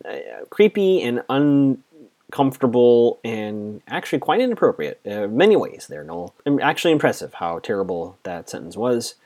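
A man casually recapping a TV episode, chatty and quick to quote the characters. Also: mid-range voice, a little mellow. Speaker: TV recap host.

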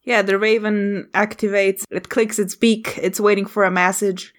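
Woman game master narrating with many pauses. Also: mid-range voice, little pitch movement. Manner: halting, many fillers and restarts.

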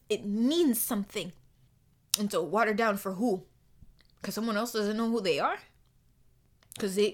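A woman's voice: mid-range voice, a bit bright. A woman from the Caribbean hosting a podcast, speaking in an emphatic, passionate solo monologue and laughing often. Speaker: podcast host.

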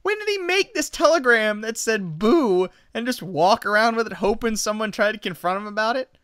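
A male co-host talking casually on a podcast and looping back to correct himself as he retells the story. His voice is bright and crisp. It sounds close and dry, with no room around it. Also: high-pitched, expressive, normal speed, no echo. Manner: rambling, self-correcting recaps. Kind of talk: casual chat.

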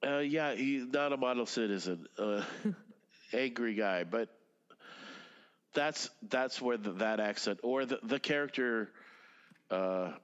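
A man's voice: medium pitch, slow pace, pauses often, clean tone, long reverb tail, dull audio. A man in his fifties, a native Russian speaker, rambling casually as an interview guest, with lots of fillers, restarts and swearing. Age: 50s. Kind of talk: casual conversation.

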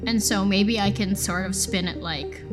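A woman's voice: medium pitch, moderate pace, music in the background. Chatty woman at a game table. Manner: chatty, hesitant with fillers. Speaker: tabletop player. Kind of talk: casual table talk.

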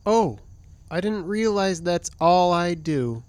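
An actor voicing a fussy, easily exasperated male explorer in a comedic audio drama, with whiny, yelling outbursts. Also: mid-range voice, animated, slow, dry recording. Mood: hurt. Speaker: performer and show introducer.

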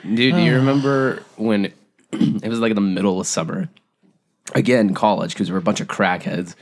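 Young male co-host, low-pitched, easygoing, laughing along with his friends. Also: normal speed. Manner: laid-back, laughs easily, says "dude" a lot. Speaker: podcast co-host. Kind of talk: casual chat.

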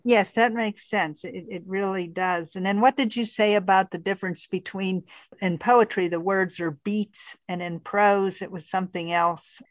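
A woman's voice: medium pitch, fairly even intonation, moderate pace, no room sound. A woman calling in with a comment and questions, chatty and earnest. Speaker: caller asking questions.

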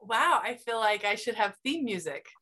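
A woman's voice: mid-range voice, lively intonation, normal speed, sharp tone, husky. A woman hosting her own podcast, chatting playfully and joking about herself. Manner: playful, self-deprecating. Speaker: podcast host. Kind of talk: casual podcast chat.

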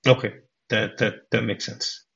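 A man's voice: fairly low pitch, little pitch movement, a little slow, creaky, fairly bright tone, muffled recording. A man hosting a casual movie podcast who retells film scenes and acts out the characters' lines. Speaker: podcast host.

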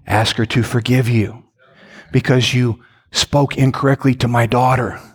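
A calm, fatherly God speaks low and steady, as a preaching man puts him on. The voice is deeper than the preacher's usual tone and carries the long echo of a church hall. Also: measured pace, slightly rough. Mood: gentle, instructing.

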